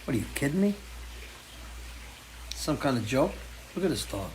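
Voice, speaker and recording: A man's voice: medium pitch, sing-song, normal speed, a little hiss or hum. A man hosting a casual live stream from his home porch, crude and joking, chatting to viewers and his dogs. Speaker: host.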